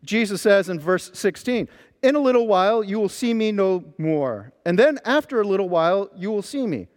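A man preaching a sermon, telling stories with lively emphasis as a pastor. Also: high voice, moderate pace, in a large hall. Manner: animated storytelling preacher.

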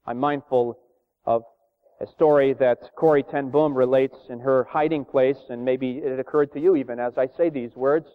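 A man's voice: mid-range voice, fairly even intonation, smooth. Earnest preacher man, tinny and echoey. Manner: earnest, reverent, measured with frequent "uh" pauses. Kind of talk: sermon. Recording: tinny phone-like sound in a reverberant hall.

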